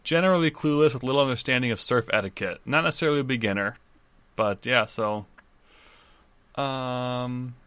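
Bright-toned man in playful chat. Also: mid-range voice, normal speed, clean tone, no room sound. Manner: playful, giggly, reads slang aloud. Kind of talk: casual chat.

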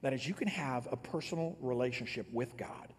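A man preaching a sermon as a pastor, earnest, rising loud and then dropping low to tell a story. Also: fairly quick, slight background noise. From Illinois. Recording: long hall reverb.

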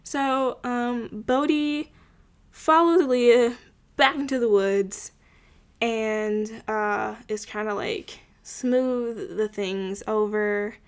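A woman's voice: fairly high pitch, steady tone, very slow, smooth. Chatty young woman recapping a show. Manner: chatty, lots of filler words, wry asides. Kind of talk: casual episode recap.

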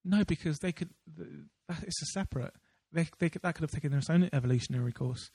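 Rambling through casual chat with plenty of fillers and false starts, this podcast co-host talks fast in a warm, slightly rough voice pitched a little high. The recording is dry and close, with no sound of the room.

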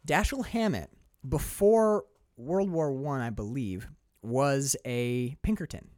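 Casual male co-host, expressive storyteller, swears freely, dry close-mic sound. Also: mid-range voice, slow pace, no echo. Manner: animated retelling, acts out movie lines, swears freely. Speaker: podcast co-host. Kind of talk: casual film discussion.

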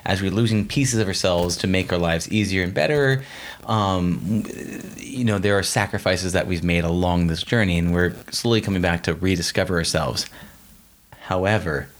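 A man's voice: low voice, moderate pace. A man interviewing a guest in a casual conversation, speaking earnestly and with emphasis.

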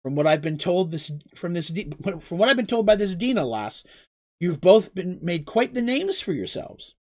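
A man's voice: high-pitched, big pitch swings, normal speed, exaggerated voice. A man reading a letter as a proud, earnest gully king writing to old friends, in a storybook reading. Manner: earnest, letter read in a plain voice.

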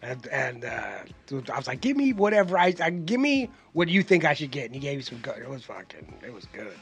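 A man in casual podcast chat, telling stories in a profane, animated way. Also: mid-range voice, a little fast, vocal fry, husky.

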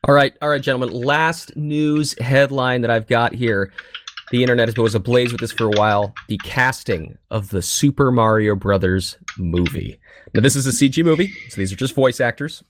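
A man hosting a podcast, presenting headlines and giving easygoing, measured opinions in casual chat. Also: mid-range voice, a little hiss or hum. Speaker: podcast host.

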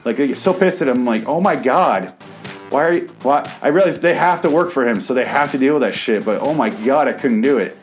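A man's voice: medium pitch, fast talker, few pauses. Sarcastic man ranting, faint music. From American Midwest. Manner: sarcastic, profane, bitter ranting. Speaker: comedy show host. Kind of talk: reading his own writing aloud, then improvised rant.

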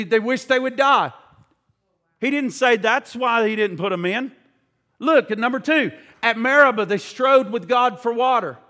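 A man's voice: very high voice, pushed and bright. A man preaching a sermon, fervent, pressing the congregation with questions. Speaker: pastor. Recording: long hall reverb.

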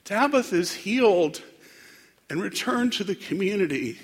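Gravelly man preaching in a reverberant hall. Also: sits high, lively intonation. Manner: reflective, unhurried, with frequent fillers and restarts. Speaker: pastor. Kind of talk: sermon. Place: church sanctuary.

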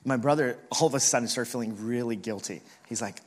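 A male preacher of middle pitch, speaking in a large hall with a long reverb tail. He delivers a sermon, animatedly telling a family story and acting out each relative's voice. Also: brisk. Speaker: pastor.

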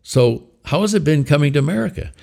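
A man's voice: a little high, animated, quick pace, creaky, a little mellow, pitched above the performer's own voice. Man doing a genial ventriloquist showman. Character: cheerful middle-aged male ventriloquist, gentle showman.

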